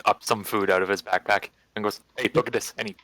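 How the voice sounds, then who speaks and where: A man's voice: lowish voice, steady tone, fast, bright, forceful tone, no echo. A man playing a tabletop game, describing his character's actions in a loose, rambling way. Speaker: player. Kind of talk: casual tabletop play.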